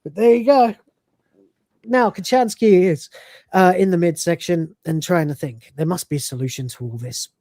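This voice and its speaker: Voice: mid-range voice, normal speed, mellow, no echo. A podcast host casually reviewing an episode, retelling scenes in a loose, chatty way with frequent laughs and swearing.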